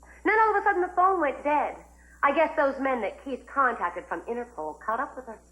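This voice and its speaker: A spiteful schemer who taunts and gloats, her slightly high voice swinging widely. A 1980s TV soap drama. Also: animated, brisk, a bit bright, poor audio. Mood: gloating. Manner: sneering, taunting.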